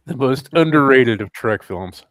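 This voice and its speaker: A man's voice: medium pitch, a bit bright, no room sound. A man co-hosting a casual chat, opinionated and blunt, with some cursing.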